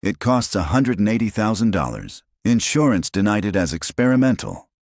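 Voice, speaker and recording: A man voicing a distraught young mother, pitched way up. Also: expressive, moderate pace, a little mellow, no room sound, studio quality. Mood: desperate. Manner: tearful, raises her voice in anguish. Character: desperate young mother, fierce and heartbroken.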